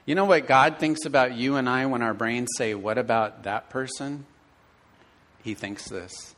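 A middle-aged man preaching a sermon to his church, telling stories with animated, acted-out inner dialogue. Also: medium pitch, measured pace. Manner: animated storytelling, acting out his own inner voice. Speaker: pastor.

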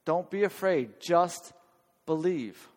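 A man voicing a calm, gentle teacher who speaks softly and slowly to reassure. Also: a little high. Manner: soft, slow, reassuring. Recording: long hall reverb.

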